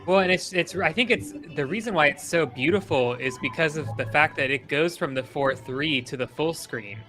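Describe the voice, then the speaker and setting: A man's voice: fairly high pitch, normal speed, bright, forceful tone, soft background music. A man co-hosting a casual live stream chat, eagerly picking apart camera shots and staging in detail. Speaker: stream co-host.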